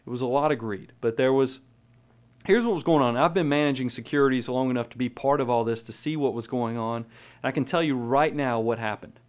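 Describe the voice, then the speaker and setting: Brief: male money-show host, opinionated, emphatic, talks in restarts, mid pitch, American. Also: a little fast. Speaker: podcast host, money manager. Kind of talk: casual opinionated monologue.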